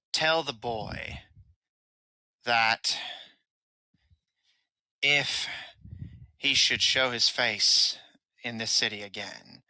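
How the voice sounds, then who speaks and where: A man's voice: mid-range voice, bright, forceful tone, no echo, low-quality recording. A man voicing a proud, scornful female captive who speaks in a cold, dignified and threatening way.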